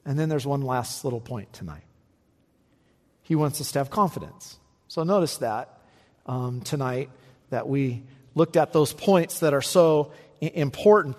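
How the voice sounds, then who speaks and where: Man preaching in a reverberant hall. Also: moderate pace. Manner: animated preaching, rising to emphatic peaks and dropping low. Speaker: pastor. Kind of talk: sermon.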